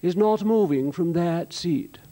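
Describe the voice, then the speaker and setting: A man's voice: sits high, measured pace, mellow. A man doing a haughty, stubborn lady. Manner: firm, clipped, immovable. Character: stubborn, haughty older woman on a train.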